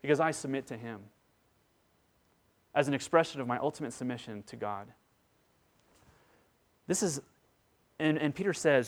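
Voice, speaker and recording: A man in his thirties preaching a sermon, moving between hushed, intense passages and loud, emphatic ones. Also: mid-range voice, moderate pace, pauses often. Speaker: pastor.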